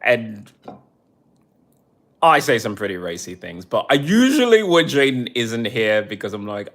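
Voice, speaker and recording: A man's voice: mid-range voice, sing-song, moderate pace, a bit bright. A man streaming live, ranting in a heated, profane way and turning sarcastic as he reads the chat. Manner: sarcastic when reading chat. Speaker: livestreamer. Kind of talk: angry livestream rant.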